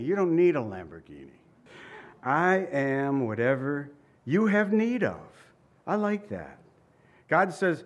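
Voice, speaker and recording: A man's sermon swings widely in pitch at a measured pace, built on emphatic repetition and light asides with an occasional chuckle. Quoted lines get their own pitch shift.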